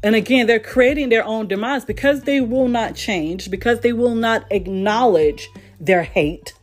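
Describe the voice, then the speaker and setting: A woman's voice: a little high, unhurried, faint music behind. A woman vlogger delivering a heated, profane monologue rant, repeating herself for emphasis.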